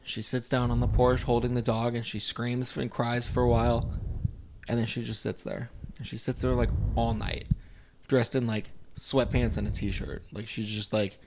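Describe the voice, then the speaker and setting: A man's voice: mid-range voice, little pitch movement, normal speed, background noise. Man animatedly retelling a film's plot. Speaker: podcast host. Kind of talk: casual chat.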